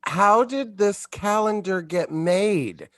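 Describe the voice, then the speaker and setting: A man's voice: high voice, lively intonation, slow pace, dry recording. Male co-host, lighter voice, quippy and incredulous, dry close mic. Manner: quippy, incredulous, swears casually. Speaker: podcast co-host. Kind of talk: casual chat.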